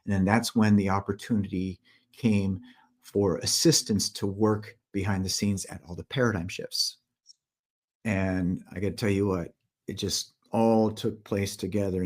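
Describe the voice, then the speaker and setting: A man's voice: on the low side, darkish tone. A man, the guest of an interview, telling stories in an earnest way, often repeating words and acting out what others said. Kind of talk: conversational storytelling interview.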